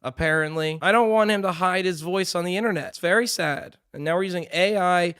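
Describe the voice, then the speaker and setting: Mocking high-voiced male streamer. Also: a little fast, clear, resonant tone, no room sound, studio quality. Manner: mocking, animated, swears freely. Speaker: streamer reacting to videos. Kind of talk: casual live-stream commentary.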